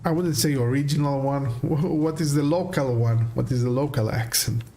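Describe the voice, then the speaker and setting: A man's voice: mid-range voice, normal speed, dark tone, a little hiss or hum. A man casually commenting while he plays a video game, hesitant, with many fillers, restarts and laughs. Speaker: game streamer. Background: faint game music.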